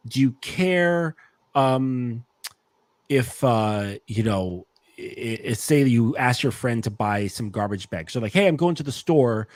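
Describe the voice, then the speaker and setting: A man's voice: medium pitch, dry recording. A man hosting a casual dating talk, explaining his ideas with long everyday examples. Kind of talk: casual discussion.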